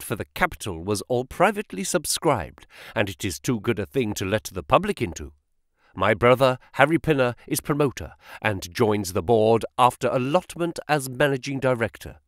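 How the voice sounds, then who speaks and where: A man voicing a brisk, smooth-talking male financial agent who speaks quickly and sharply in an audiobook reading. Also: medium pitch, dry recording, studio quality, natural voice. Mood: persuasive. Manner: quick, sharp, flattering and excitable. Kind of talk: audiobook character voice.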